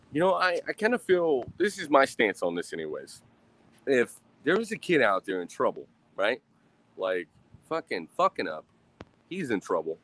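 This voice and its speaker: A man's voice: mid-range voice, wildly swooping pitch, measured pace, long pauses, a bit bright. A man in his thirties talking to himself in a loose, rambling monologue, swearing often and sighing while he drinks beer. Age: 30s. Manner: rambling, swears a lot, sighs.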